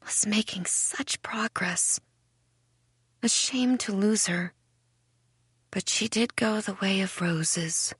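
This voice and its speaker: A woman voicing an eerie, cold young girl who speaks softly, smiling and half-whispering. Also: mid-range voice, a little slow, husky, dry recording, studio quality. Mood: sighing.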